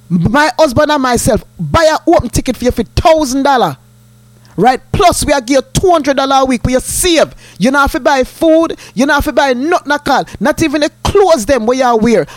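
A woman's voice: sits high, animated, normal speed, no echo. A woman with a Jamaican accent telling a story in an indignant, emphatic way, repeating herself as she makes her point. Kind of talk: storytelling monologue.

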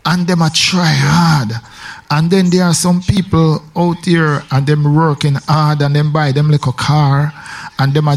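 Jamaican man on radio chat, a bit high voiced, rambling, repeats himself a lot. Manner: rambling, emphatic, with repetitions. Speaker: radio host.

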